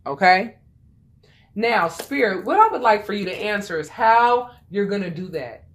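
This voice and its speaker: A woman's voice: medium pitch, expressive, normal speed. Blunt, chatty woman reading tarot. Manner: blunt, chatty, swears freely, emphatic repetition. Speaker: tarot reader. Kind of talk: casual tarot reading monologue.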